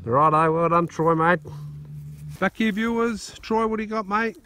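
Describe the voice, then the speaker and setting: An Australian man with a somewhat high voice talks to his phone camera outdoors. His chat is excitable and blokey, full of "righto" and "mate". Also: normal speed, a little hiss or hum. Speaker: metal detecting channel host. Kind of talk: casual outdoor vlog chat. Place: outdoors at a dig site.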